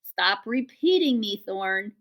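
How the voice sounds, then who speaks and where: A woman's voice: medium pitch, lively intonation, slow, fairly bright tone. A woman voicing a bossy young female bear who bullies with sarcastic, mocking talk.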